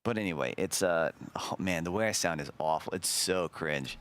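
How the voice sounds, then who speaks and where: A man's voice: low-pitched, normal speed, fairly bright tone, clean tone. A man hosting a stream in casual chat, rambling and self-deprecating as he looks back. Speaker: streamer host.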